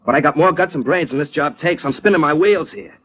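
An actor playing Joe, a proud, wisecracking clerk in a 1940s radio drama, streetwise and quick to argue. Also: male voice, on the high side, husky. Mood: indignant. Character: Joe, a scrappy working man, proud and touchy. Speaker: insurance clerk. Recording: dull lo-fi old radio recording.

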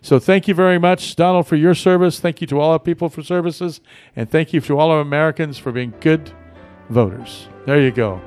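A man's voice: on the high side, fairly quick, darkish tone, soft background music. Chatty man hosting local radio. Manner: rambling, friendly, many fillers and restarts. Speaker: radio host. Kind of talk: casual talk radio chat. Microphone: studio mic.

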